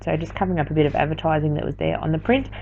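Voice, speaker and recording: Her low, steady voice is warm and has vocal fry, and she races along. This art journaling teacher sounds tired as she chats through a late-night craft tutorial voiceover, rambling and fixing her own words, over a slightly dull lo-fi recording with slight background noise.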